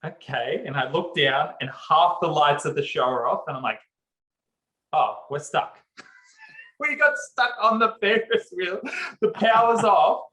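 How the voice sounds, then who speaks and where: A man, co-hosting a podcast and telling a story in an animated way, laughing often and acting out what people said. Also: on the high side, measured pace, roomy sound, poor audio. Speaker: podcast co-host. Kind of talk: casual storytelling chat.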